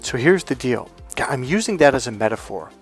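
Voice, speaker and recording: A man speaks as a motivational coach. He has a mid-range voice and tells personal stories with emphasis, often asking rhetorical questions. Soft music plays quietly behind him. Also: medium pitch, big pitch swings, fairly quick. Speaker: relationship and healing coach. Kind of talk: motivational talk to camera.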